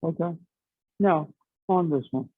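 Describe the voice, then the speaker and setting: A man's voice: fairly high pitch, slow pace, slightly rough, dry recording. A middle-aged man teaching a martial arts class, explaining chattily with lots of "okay" and "you know.". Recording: dry, tinny phone-like sound.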